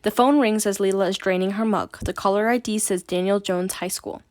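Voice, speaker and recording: Woman audiobook reader, mid pitch, calm even narration. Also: brisk. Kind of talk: reading a novel aloud.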